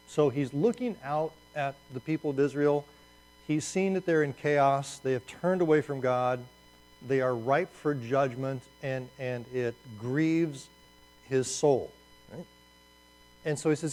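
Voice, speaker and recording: A man preaching a conversational sermon with slides, animated and restarting phrases as he goes. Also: medium pitch, measured pace, poor audio. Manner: animated, repeats words as he restarts. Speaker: pastor.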